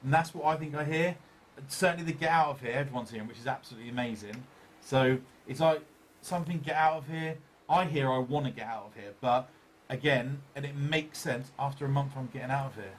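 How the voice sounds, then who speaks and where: A man's voice: medium pitch, fairly quick, hardly any pauses, slight background noise. A man hosting a live paranormal show, chatting casually and reading out viewer comments, often repeating phrases and laughing easily.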